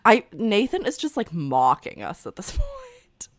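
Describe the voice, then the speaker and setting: A woman's voice: mid-range voice, wildly swooping pitch, a little slow. A woman co-hosting a podcast in casual chat, playful and teasing, laughing a lot. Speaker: podcast co-host.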